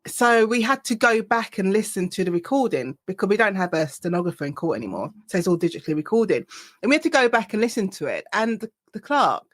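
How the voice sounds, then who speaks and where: A woman with a South East London accent talks casually as a podcast host, telling stories with animated energy. Her voice sits at an ordinary pitch. The room sounds dry and close. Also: fast talker, no echo. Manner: animated storytelling with laughter. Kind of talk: casual conversation.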